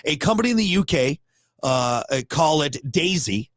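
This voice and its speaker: A man's voice: on the high side, lively intonation, normal speed, a bit bright, no room sound. Rambling, jokey male co-host. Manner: rambling, jokey, many restarts. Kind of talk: casual chat.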